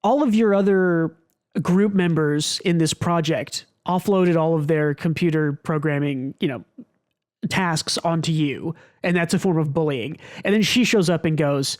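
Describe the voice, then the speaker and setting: Man, podcast co-host, casual chat, animated, rambling. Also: on the high side, measured pace. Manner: rambling, animated, many restarts.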